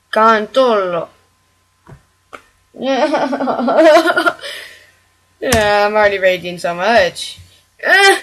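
A woman with a fairly high-pitched voice hosts a gaming channel, providing let's-play commentary. She becomes increasingly frustrated, swearing and yelling at the game character while also talking to her viewers.

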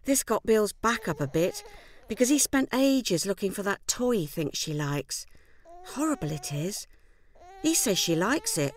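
An actress playing a weary housewife in a loveless marriage, narrating a scripted film monologue in a wry, rueful and quietly downcast way. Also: female voice, medium pitch, very animated, unhurried. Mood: wistful.

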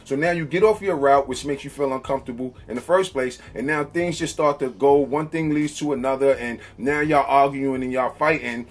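A man's voice: mid-range voice, brisk, few pauses. A man giving a casual storytelling monologue about relationships, acting out quoted lines and checking in with "okay?". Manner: conversational, acts out quoted lines, frequent "okay?" check-ins. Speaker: relationship talk host.

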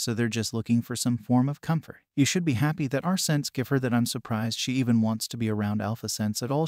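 A man narrates a written story, text messages and all, in a steady, flat reading voice. His pitch sits in an ordinary middle range. The recording is dry, with no room sound around him. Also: no room sound. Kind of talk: scripted fan fiction reading.

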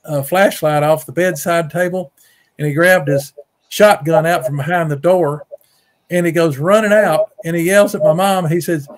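A middle-aged man from Mississippi with a drawl tells a long story in a casual, rambling way. His voice sits a little high for a man, and he doubles back on his words. He jumps higher when he acts out other people's lines. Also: steady tone, moderate pace. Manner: folksy, repeats words, acts out quotes in a raised voice. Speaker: guest storyteller, Bigfoot researcher. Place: home on a rural farm.

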